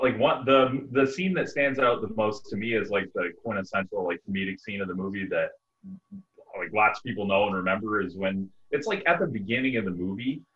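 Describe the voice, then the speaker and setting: A low-pitched man in relaxed podcast chatter, stringing his thoughts together with "like". The audio is dull and lo-fi. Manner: laid-back, peppers speech with "like". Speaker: podcast co-host. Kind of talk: casual chat about movies.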